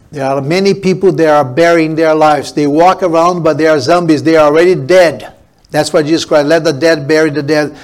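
A man preaching a sermon as pastor, emphatic and repetitive, building up his points. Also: a little high.

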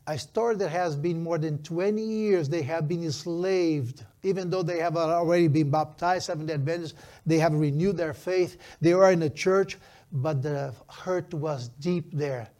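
A man in his fifties, a pastor preaching a sermon with a grandchild in his story, speaking emphatically and slowing down for key phrases with slightly non-native phrasing. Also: fairly high pitch, dark tone.

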